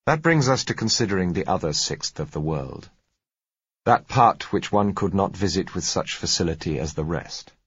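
A man reads a novel aloud in a measured, even way. His voice is very deep with a husky grain. The recording is dry, close and a little dull. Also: no echo. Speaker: audiobook narrator. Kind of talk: scripted narration.

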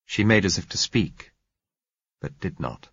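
A young man reading a story aloud in a measured, grave audiobook narration. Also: deep voice, lively intonation, fairly bright tone, husky, no echo. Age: young adult. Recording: dull lo-fi dry recording.

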